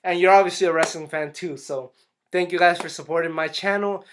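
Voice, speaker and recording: A man with a higher-than-usual voice talks through a wrestling episode in a loose, casual review. He restarts his sentences often and slips into little acted-out quotes. The delivery is relaxed and chatty. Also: fairly quick, background noise. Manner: rambling, restarts often, acts out quotes animatedly. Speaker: YouTube wrestling and boxing reviewer.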